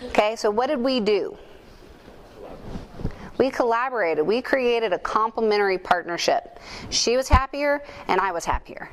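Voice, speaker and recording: A woman's voice: a little high, moderate pace, long pauses, slight background noise. A woman speaking at a conference into a microphone, telling stories and asking the audience questions, with jokes at her own expense. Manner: animated storyteller, asks the audience questions, jokes at herself. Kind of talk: lively keynote talk to an audience. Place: conference room at a chamber of commerce. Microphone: handheld or stage microphone.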